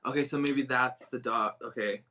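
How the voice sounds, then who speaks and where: Bright-voiced man giving halting psychic readings. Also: mid-range voice, steady tone, dull audio, slight background noise. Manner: halting, searching, many restarts. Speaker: psychic medium reader. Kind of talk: live online psychic reading.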